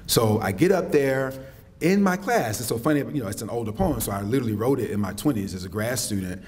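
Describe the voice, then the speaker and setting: A middle-aged man from South Carolina, lecturing on campus with animated storytelling and folksy asides. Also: medium pitch, fast talker. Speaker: poet lecturing. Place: lecture hall.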